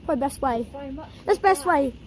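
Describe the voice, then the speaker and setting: High, lively woman, breathless storm vlog. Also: moderate pace. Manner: excitable, gasping exclamations, repeated "oh my God". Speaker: storm-chasing vlogger. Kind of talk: live storm vlog, talking to viewers. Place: outdoors in a thunderstorm. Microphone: handheld or propped camera. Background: rain, wind and thunder.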